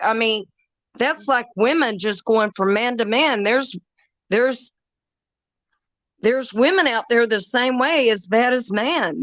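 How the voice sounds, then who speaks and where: A woman's voice: on the high side, a bit bright, dry recording, lo-fi sound. A woman giving her opinions in a casual chat, earnest and talking things through.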